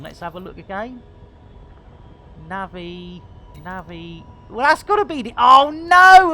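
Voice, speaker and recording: A woman streaming a space game, chatting excitedly to her guests, often laughing and exclaiming at her own mistakes. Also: fairly high pitch. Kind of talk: live gameplay commentary.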